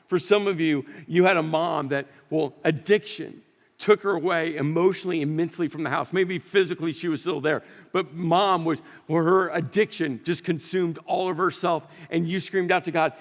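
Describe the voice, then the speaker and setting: A man preaching a sermon as pastor, swinging between loud emotional rises and quiet drops. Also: fairly high pitch, normal speed. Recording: long church reverb.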